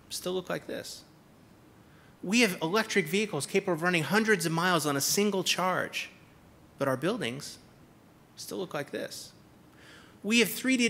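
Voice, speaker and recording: A man's voice: high voice, sharp tone. A man giving a comedic keynote speech on a conference stage, with a sarcastic, punchy delivery and repeated punchlines. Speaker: keynote speaker.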